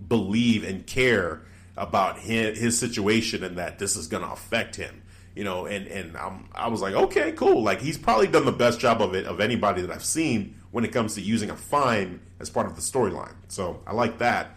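Animated low-voiced man recapping casually. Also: moderate pace. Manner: animated, laughs often, acts out quotes. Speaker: podcast co-host. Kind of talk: casual wrestling recap chat.

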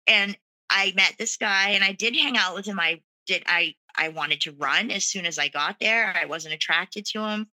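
Very bright-voiced woman telling her story. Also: medium pitch, moderate pace, rough recording. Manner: frank, conversational, with nervous laughs; casual fillers like "like" and "you know". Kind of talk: candid personal storytelling.

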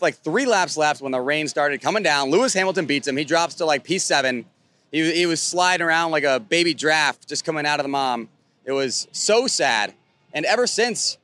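A young man excitedly recapping a race as a vlog host, filmed outdoors at a racetrack. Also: a little high. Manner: excitable, animated fan talk.

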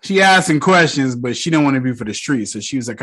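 A young man casually recapping a movie, swearing freely and retelling the scenes with excitement. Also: medium pitch, quick pace. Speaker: movie reviewer.

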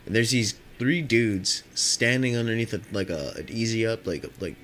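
A man's voice: fairly low pitch, expressive, normal speed, fairly bright tone, a little hiss or hum. Laid-back young man telling rambling stories. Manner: rambling and profane, heavy use of "like". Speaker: podcast storyteller. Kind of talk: casual storytelling podcast.

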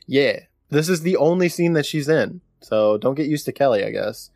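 Lively sarcastic podcast host, dry sound. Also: male voice, mid-range voice, normal speed, dry recording. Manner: sarcastic, jokey storyteller. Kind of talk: casual episode recap.

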